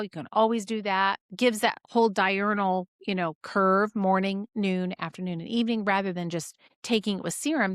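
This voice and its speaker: A middle-aged woman teaching clinicians in a lively, conversational way, full of rhetorical questions. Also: medium pitch, dry recording, studio quality. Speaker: health educator.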